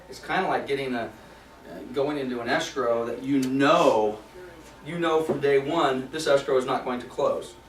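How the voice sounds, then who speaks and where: A man leading a property management training class in a conversational way, repeating key points for emphasis. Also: mid-range voice. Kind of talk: recorded training class for agents. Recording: echoey room from a distance.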